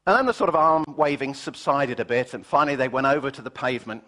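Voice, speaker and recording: A British man giving a motivational business keynote, telling stories with animated, punchy emphasis. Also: mid-range voice, fast, big-room sound. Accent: British English. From Britain.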